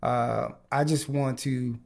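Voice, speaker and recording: A man's voice: medium pitch, steady tone, slow pace, vocal fry, darkish tone. A man hosting a casual podcast chat, talking with many fillers and restarts. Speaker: podcast host.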